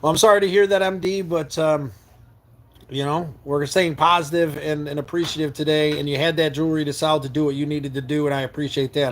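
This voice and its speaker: A man's voice: a little high, fairly even intonation, a little fast, a little hiss or hum. A man from New York State hosting a live stream from a camper van and answering viewer comments in an earnest, heartfelt way, often repeating words as he searches for them.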